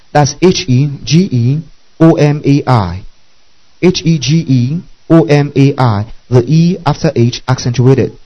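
A man's voice: a little high, dark tone, lo-fi sound. A man preaching as pastor, teaching through scripture, repeating key phrases and asking the congregation to underline them. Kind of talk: sermon.

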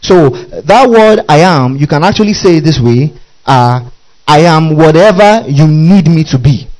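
A man's voice: fairly high pitch, animated, moderate pace, a little mellow, poor audio. A man preaching a sermon as pastor, emphatic, often checking that his listeners follow and adding hallelujah and amen. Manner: repeats questions to the congregation, emphatic.

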